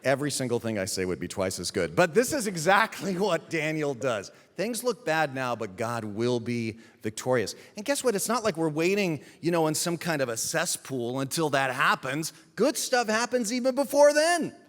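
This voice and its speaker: A man, the pastor, giving a sermon in an emphatic storytelling manner with dramatic pauses. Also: a little high, very animated, a bit bright, in a large hall. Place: church sanctuary.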